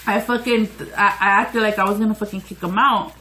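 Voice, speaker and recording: A woman's voice: medium pitch, steady tone, brisk, pushed and bright, rough recording. A woman telling a couple's story in a brash, teasing way, swearing freely. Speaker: vlog co-host.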